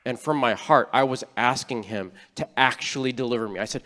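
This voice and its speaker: A man's voice: mid-range voice, a little fast, hardly any pauses, a bit bright, in a large hall. A man preaching a sermon as a church elder, in an earnest, conversational way with frequent restarts. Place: church sanctuary.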